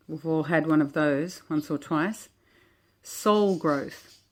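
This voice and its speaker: A woman with a slightly low voice talks through cards one by one in a gentle, reflective way. She muses aloud, chatty and unhurried, as if sharing with a friend. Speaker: oracle deck creator. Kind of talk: casual walk-through of oracle cards.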